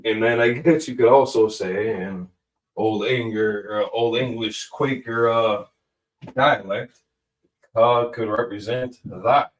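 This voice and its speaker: A man's voice: lowish voice, fairly even intonation. A man casually explaining grammar as a teacher, thinking aloud and correcting himself as he goes. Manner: slow, thinking aloud, with fillers and self-corrections. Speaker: Hebrew language teacher. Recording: echoey room, distant from the mic.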